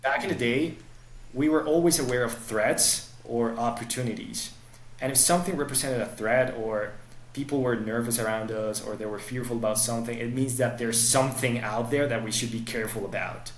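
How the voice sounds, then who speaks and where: A man's voice: mid-range voice, fairly quick. Man coaching in an echoey room. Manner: explanatory, coaching tone. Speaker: dating coach guest. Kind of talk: podcast conversation.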